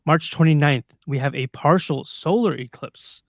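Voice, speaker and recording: A man's voice: fairly high pitch, normal speed, no echo, clean studio sound. Chatty laughing man co-hosting. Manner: laughs often, reads through a list of dates. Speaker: podcast co-host. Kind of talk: casual livestream chat.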